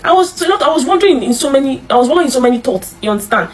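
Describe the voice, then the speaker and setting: A Nigerian woman telling her own life story in an interview, halting and repeating herself, with many restarts. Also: high-pitched, expressive, rough recording. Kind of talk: emotional personal storytelling.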